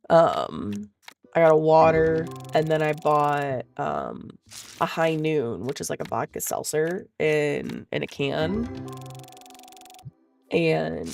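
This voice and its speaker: A woman tells a story in casual, chatty vlog style, swearing freely and laughing along the way. Her voice has a gravelly fry to it. Faint music sits in the background. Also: sits low, a little mellow. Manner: chatty, profane, laughs often. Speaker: vlogger.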